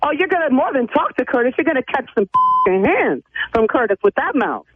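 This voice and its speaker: A mother arguing heatedly on a phone call, indignant and cursing with quick retorts. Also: high voice, very animated, breathy edge, no room sound. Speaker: prank call target, mother. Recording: tinny dry phone line.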